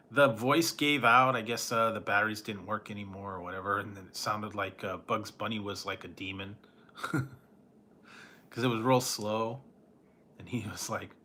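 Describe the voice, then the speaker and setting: A man with a lowish, pushed and bright voice reads live chat as a food reviewer. The talk is casual and nostalgic, with rambling, frequent chuckles, and thoughts that trail off and restart.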